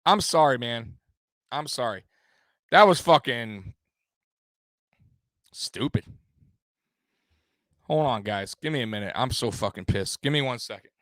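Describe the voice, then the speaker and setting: Brief: male livestream host, sharp forceful voice, dry close mic, furious profane postgame rant. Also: medium pitch, lively intonation, a little slow, long pauses, no echo. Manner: profane, heated, repeats himself. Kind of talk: angry live postgame rant.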